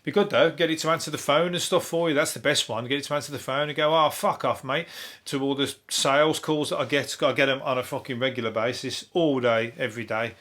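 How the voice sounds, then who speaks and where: A rambling comic from rattles through the day's odd news on his own podcast. He swears freely, trips over his words and chuckles at his own jokes, and his voice sits at an everyday middle pitch. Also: fairly even intonation, quick pace, few pauses, a bit bright. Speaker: podcast host. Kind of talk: comedic news review.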